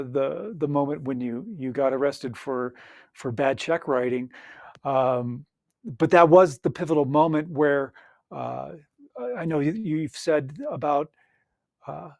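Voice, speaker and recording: A man's voice: a little high, creaky, darkish tone, no room sound, studio quality. A man hosting a coaching podcast, asking his guest long questions with many fillers and restarts. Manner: halting, with many "uh" and restarts while framing questions. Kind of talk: interview questions.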